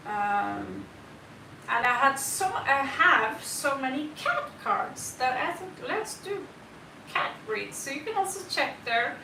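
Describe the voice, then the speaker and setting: A woman chatting on a live tarot stream in a bright, slightly high voice, drifting from story to story and greeting viewers by name. She takes her time, and the sound is roomy, as if she sits a little away from the mic with faint noise behind her. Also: animated, takes it slowly, creaky, far from the mic. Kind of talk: casual live-stream chat. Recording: roomy, set back from the mic.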